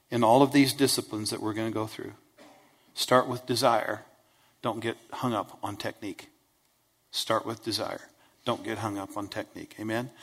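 A male pastor preaching in an easy, conversational way, plain-spoken and folksy, often pausing to ask his congregation if they are with him. His voice sits at an ordinary middle pitch. The sound carries a long reverb from a large church hall. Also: fairly bright tone. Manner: keeps checking in with listeners with "right?", "okay?" and "Amen?". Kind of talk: conversational sermon.

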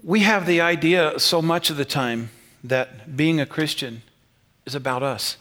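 Bright-toned preacher guy, kinda high voice, gets loud then quiet, chuckles a lot, church sermon. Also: unhurried. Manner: animated, swings loud and quiet, chuckles often. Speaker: pastor.

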